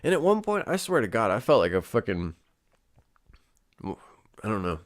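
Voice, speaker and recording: A man's voice: fairly low pitch, big pitch swings, normal speed. A young man hosting a casual solo show, rambling with lots of fillers and swearing. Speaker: podcast host.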